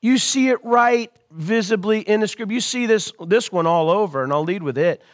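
A man preaching a sermon as pastor, calling out to his congregation and swelling louder on key lines. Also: high voice, normal speed. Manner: call-and-response preaching to an online congregation.

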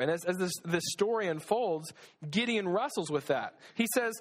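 Male preacher, conversational sermon, high and very animated delivery. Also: normal speed. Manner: conversational, acts out voices of God and Gideon. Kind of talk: casual sermon with scripture reading.

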